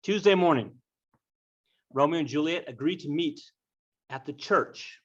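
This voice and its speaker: A man's voice: fairly high pitch, unhurried. A man teaching a class by retelling a story with jokes, speaking directly to the students. The recording sounds dull and lo-fi. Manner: joking, lively, addresses class directly. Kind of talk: humorous storytelling lesson.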